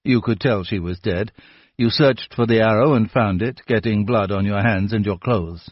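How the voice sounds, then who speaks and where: A man voicing a calm, patient older police inspector who lays out his reasoning steadily. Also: lowish voice, no echo, muffled recording, natural voice. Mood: probing. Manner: measured, quietly probing.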